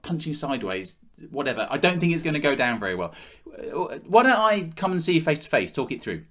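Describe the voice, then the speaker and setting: A man pleads and wheedles with a housemate in a comedy sketch. His pitch leaps about all over the place, from low mutters to high pleas. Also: very animated, a little fast, fairly bright tone.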